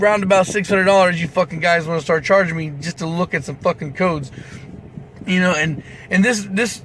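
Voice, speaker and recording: A man's voice: on the high side, fairly bright tone, slight background noise. A young man telling a heated story about his work as a mechanic, swearing constantly and restarting his sentences as he goes. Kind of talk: ranting vlog story.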